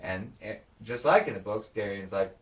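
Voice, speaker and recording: A man's voice: lowish voice, moderate pace, reverberant, distant mic. A man co-hosting a casual podcast chat, acting out characters' lines with lots of swearing. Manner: animated, acts out characters' lines, swears often. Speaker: podcast co-host. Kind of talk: casual chat recapping a TV episode.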